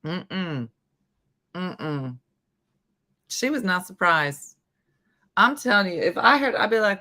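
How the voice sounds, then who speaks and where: A woman with a fairly low pitch takes it slowly, leaving long pauses, as she hosts a morning show. Chatting casually, she tells an animated story and acts out the quoted voices.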